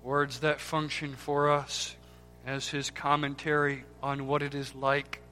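A man preaching a sermon with impassioned swings between loud cries and hushed, near-whispered words, repeating key words for emphasis. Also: mid-range voice, monotone, a little slow, a little hiss or hum. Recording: long hall reverb with faint music.

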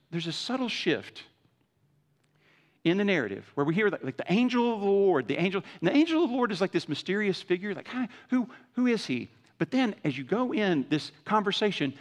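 A man preaching a sermon in a conversational way, swinging from loud emphasis to hushed lows and acting out quoted speech. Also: big-room sound. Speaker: pastor.

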